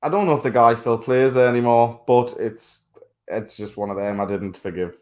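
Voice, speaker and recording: A man's voice: medium pitch, normal speed. Blunt, cursing male sports podcaster. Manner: blunt, swears freely, laughs loudly. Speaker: podcast co-host. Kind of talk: casual sports chat.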